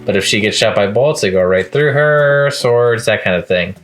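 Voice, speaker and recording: A man's voice: fairly low pitch, expressive, moderate pace, fairly bright tone. A man talking casually in a manga review vlog, chatty and amused, often laughing at the scenes he recaps.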